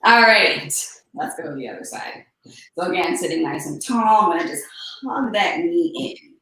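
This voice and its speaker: A woman teaching a one-on-one yoga session, cueing poses and breathing with calm, unhurried instruction and soft breathy asides. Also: lowish voice, distant mic. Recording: echoey room, voice a bit off-mic.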